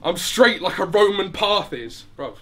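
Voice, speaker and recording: A man's voice: high-pitched, lively intonation, unhurried, sharp tone. A man in his late twenties performing at a live rap battle, trading insults in rhymed bars and laughing at his own jokes. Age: late 20s. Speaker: battle rapper. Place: live venue before an audience.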